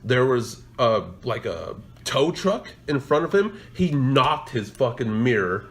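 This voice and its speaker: A man on a casual podcast telling a road rage story, profane and animated, acting out the shouting. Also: medium pitch, unhurried. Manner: profane, loud, acts out shouting in quotes. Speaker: podcast co-host.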